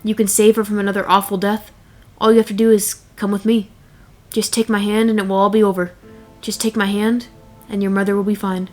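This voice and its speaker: A woman's voice: medium pitch, level tone, brisk, soft background music, close to an everyday voice. A woman whispering as a sly coaxing monster double, whispered role-play.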